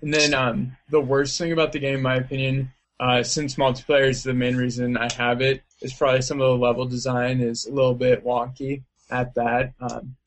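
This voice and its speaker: A man's voice: medium pitch, level tone, normal speed, hardly any pauses. Casual chatty man talking games. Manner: loose, rambling, heavy on fillers. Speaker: interviewee, video game player. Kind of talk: casual interview chat.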